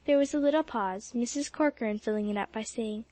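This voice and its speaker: A woman's voice: fairly high pitch, fairly quick, few pauses, warm tone, no echo. A woman reading an audiobook aloud as narrator, telling the story steadily. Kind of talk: scripted narration.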